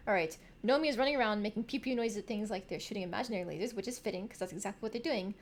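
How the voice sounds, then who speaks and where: A woman streaming a game, chatty and quick to laugh as she comments and reads aloud. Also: mid-range voice. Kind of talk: casual game playthrough commentary and reading.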